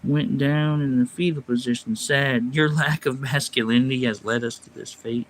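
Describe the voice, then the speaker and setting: A man's voice: medium pitch, steady tone, normal speed, a little hiss or hum. A man livestreaming, telling a long personal story in a rambling, casual way and snapping back at his chat. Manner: rambling, speaks quietly when telling the story, louder and sharper when reacting to chat. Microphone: phone or desk mic on a livestream.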